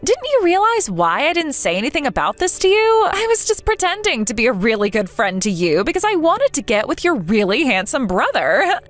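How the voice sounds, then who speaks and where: A woman's voice: high-pitched, huge pitch swings, a little fast, a bit bright, heavily acted. A woman voicing a cruel young woman in a text-message story, scornful and taunting, a fake friend. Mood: dismissive. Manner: scornful and taunting, laughing at others.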